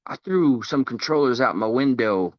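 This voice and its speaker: A man's voice: mid-range voice, lively intonation, moderate pace, no echo. Young male streamer, casual and profane, self-deprecating humor, dry muffled home-mic sound. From United States. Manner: loose, joking, self-mocking, swears freely. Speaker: live streamer. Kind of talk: rambling casual chat on a live stream.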